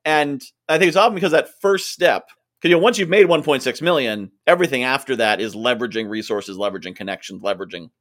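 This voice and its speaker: A man's voice: medium pitch, animated, quick pace, a bit bright. A man hosting an interview, chatting casually and giving frequent short acknowledgments. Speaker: interview host.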